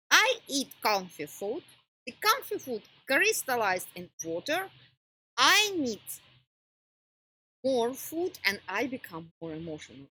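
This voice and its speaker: A woman gives a wellness lesson at an unhurried pace, with a bright, breathy tone. She speaks non-native English phrasing and often stops mid-sentence to search for a word. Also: fairly high pitch, poor audio. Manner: halting, pauses to search for words. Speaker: wellness teacher. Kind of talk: informal teaching talk.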